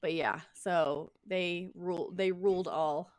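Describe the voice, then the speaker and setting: Woman co-host, lowish voice, chatty and self-mocking, dry close sound. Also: fairly even intonation, no echo. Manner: chatty, laughs at herself, quick restarts. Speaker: podcast co-host. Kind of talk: casual chat.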